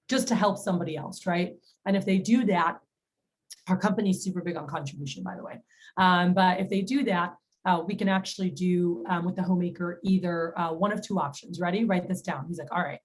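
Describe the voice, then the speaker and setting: A woman's voice: fairly low pitch, rough recording. A woman giving a sales training talk in a chatty storytelling manner, retelling phone calls with quoted lines. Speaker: sales manager.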